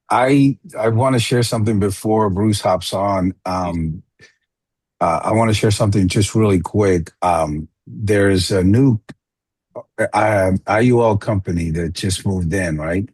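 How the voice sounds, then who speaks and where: A man's voice: lowish voice, takes it slowly, husky, no echo. A man casually telling a work story to his group, chatty and full of restarts. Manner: chatty, animated retelling with many restarts. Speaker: team member sharing a story.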